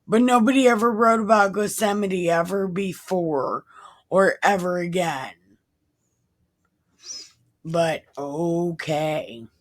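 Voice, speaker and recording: A woman's voice: lowish voice, slow pace, long pauses. A woman reading Bible passages aloud and breaking off for irreverent, profane, wisecracking asides in a casual tone. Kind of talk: casual scripture reading with commentary.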